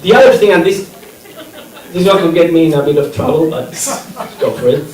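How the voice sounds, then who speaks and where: A student comedian doing a stand-up set in a theater, halting and giggling between lines. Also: medium pitch, darkish tone. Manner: giggly, halting, breaks into laughs. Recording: echoey theater from far off.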